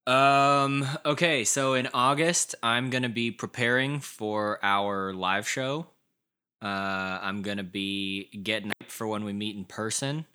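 A man co-hosting a podcast, talking in a relaxed, chatty way with lots of fillers. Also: mid-range voice, unhurried, clear, resonant tone. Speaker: podcast co-host. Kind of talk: casual chat.

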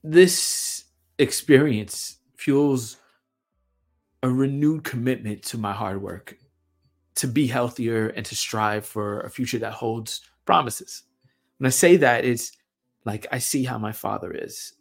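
Young guy rambling thoughtfully into his camera mic, gravelly lowish voice, bit of soft music behind. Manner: halting, repeats words, many fillers. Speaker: podcast host. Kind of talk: reflective personal monologue.

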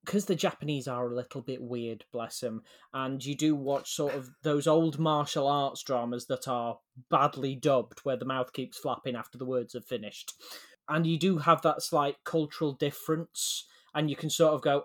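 A man's voice: fairly high pitch, steady tone, moderate pace. A man co-hosting a podcast, blunt and wry in casual chat, often restarting his sentences. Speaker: podcast co-host.

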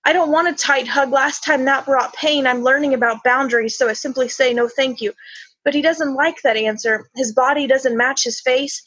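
A woman performing a spoken word poem in a slow, measured, halting delivery. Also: sits high, fairly bright tone, husky, dry recording. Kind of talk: spoken word poetry reading. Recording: dull, slightly lo-fi sound.

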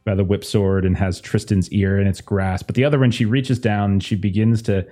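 A man runs a tabletop game in a low, mellow voice. He rambles and fills the gaps with ums and likes. Faint music sits under him. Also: fairly even intonation, brisk. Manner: rambling, with many fillers. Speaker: game master.

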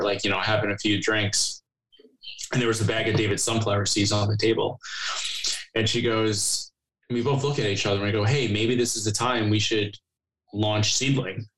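A man's voice: on the low side, fairly bright tone, poor audio. A man guest on a podcast, chatting casually and telling rambling stories full of fillers and acted-out dialogue. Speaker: podcast guest, company co-founder. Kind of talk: casual chat.

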